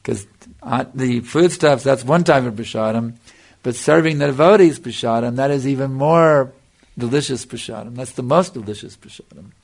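Here the same older spiritual teacher, gravelly and edged with vocal fry, speaks at a moderate pace in a slightly mellow mid-range voice during a devotional lecture. Earnest throughout, he returns to his points, checks on his audience, fields questions and keeps repeating "you see."

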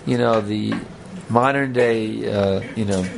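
Male speaker, gravelly, mid pitch, casual joking sermon style, faint hiss behind. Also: steady tone, slow. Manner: conversational, rambling, joking asides. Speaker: spiritual teacher. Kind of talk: sermon with audience banter.

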